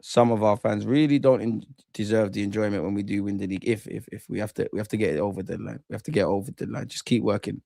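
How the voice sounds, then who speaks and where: A man streams his reaction to a football match, talking straight to his chat and to the players, his voice jumping between calm and loud outbursts. The sound is dry and close, with no room echo. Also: on the low side, fast talker, vocal fry, few pauses. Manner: excitable, swears, talks to chat and players. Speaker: football watchalong host.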